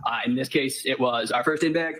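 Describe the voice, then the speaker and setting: A man testifying in court as a firefighter paramedic, answering politely and in a measured way. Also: medium pitch, fairly bright tone, a little hiss or hum, poor audio.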